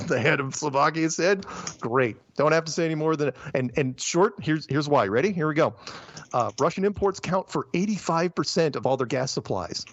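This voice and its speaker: Male host, fired-up and sarcastic, talking with a lively pitch in a dry, lo-fi recording. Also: fast talker, no room sound. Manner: animated, sarcastic, laughing asides. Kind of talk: casual news commentary. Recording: dull lo-fi sound, dry.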